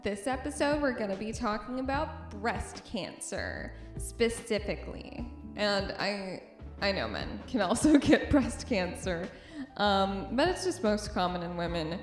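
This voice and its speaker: A young woman talks through her podcast in an easy, chatty way, with a slightly rough morning voice. She jokes at her own expense and laughs often. Her voice has a mid-range pitch and rings a little in the room. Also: very animated, a little slow, roomy sound, faint music behind. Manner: chatty, self-deprecating, laughs easily. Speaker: podcast host. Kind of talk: casual podcast monologue.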